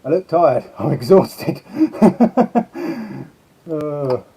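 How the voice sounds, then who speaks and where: A man's voice: a little high, big pitch swings, drawn-out words, vocal fry, mellow, slightly rough. A man hosting a casual live stream, chatting and greeting his viewers one by one. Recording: slightly dull lo-fi sound.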